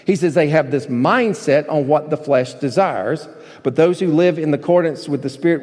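A man's voice: fairly high pitch, moderate pace, a little mellow. Man preaching in a reverberant hall. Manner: emphatic preaching with rhetorical questions. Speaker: pastor. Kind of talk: sermon.

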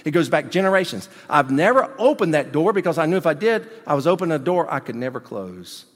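A man preaching a sermon as pastor, animated, swinging between loud emphasis and quiet asides. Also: fairly high pitch, quick pace. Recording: long hall reverb.

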